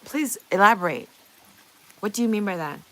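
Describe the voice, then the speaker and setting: A woman's voice: mid-range voice, animated, normal speed, a bit bright, low-quality recording. A woman livestreamer chatting casually with her viewers, reading their messages aloud, playful and often laughing.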